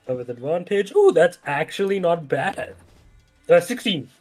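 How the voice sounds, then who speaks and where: A man at the table in a tabletop game, joking and swearing freely, his voice a touch higher than most. Faint music runs behind him. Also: very animated, unhurried, darkish tone. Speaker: player.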